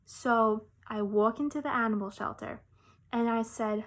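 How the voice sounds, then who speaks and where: A woman teacher telling a personal story to young children, expressive and explaining things simply. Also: on the high side, moderate pace.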